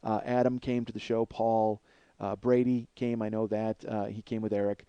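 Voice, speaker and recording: A man's voice: lowish voice, level tone, normal speed, warm tone, smooth, no room sound, muffled recording. A man in his forties hosting a podcast, rambling in a self-deprecating, swear-heavy comedic monologue. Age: 40s. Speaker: podcast host.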